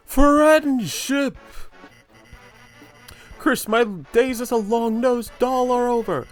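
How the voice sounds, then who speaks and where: A man voicing a scheming, grandiose male puppet salesman with pushy, excitable patter. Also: very high-pitched, drawn-out words, faint music behind, pitched above the performer's own voice, full character voice. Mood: elated.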